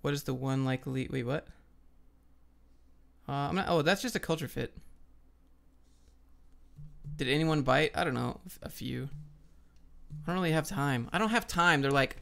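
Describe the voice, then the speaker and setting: A young man hosts a casual livestream, answering viewer questions in a blunt, joking, offhand way. His voice is smooth and clear at a middle pitch. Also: normal speed, long pauses, a bit bright. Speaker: livestream host.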